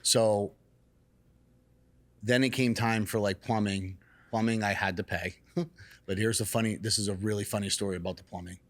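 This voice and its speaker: A man, a salon owner, telling a story in casual chat, animated and cursing freely. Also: fairly low pitch, normal speed, long pauses. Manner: animated, acts out quotes in raised excited voices. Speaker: salon and barbershop owner, guest.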